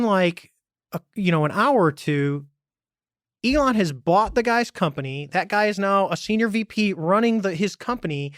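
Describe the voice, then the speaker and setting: A man's voice: high-pitched, dry recording, clean studio sound. A man, a former navy pilot as podcast guest, talking casually and bluntly, acting out quoted dialogue as he tells stories. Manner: animated storytelling, acts out quoted dialogue. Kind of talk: casual conversation.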